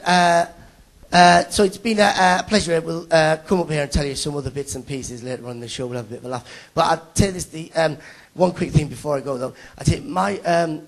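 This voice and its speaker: A man's voice: a little high, vocal fry. A young man from Middlesbrough, doing a live stand-up set on stage and bantering teasingly with the audience. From Middlesbrough, England. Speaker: stand-up comedian. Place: stage at a live awards show.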